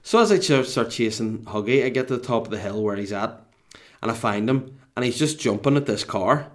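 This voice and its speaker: A middle-aged man with a North Down accent from Northern Ireland, a podcast co-host telling a comic story in an animated, self-mocking way and swearing freely. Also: medium pitch, a little fast. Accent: Northern Irish, North Down.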